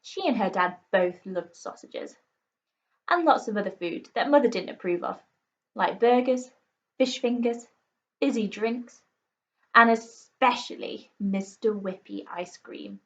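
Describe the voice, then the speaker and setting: A woman's voice: medium pitch, a little slow. Teacher lady reading a kids' book, playful, lo-fi sound. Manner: expressive, playful storytelling. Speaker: primary school teacher. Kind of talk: reading a children's book aloud. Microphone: recorded for an online class video. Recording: slightly muffled lo-fi recording.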